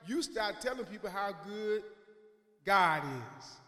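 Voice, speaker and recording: A man's voice: high-pitched, slow pace, pushed and bright. A male pastor preaching a sermon in a conversational way, often checking in with "right?" as he retells the story. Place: church sanctuary. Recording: echoey hall reverb.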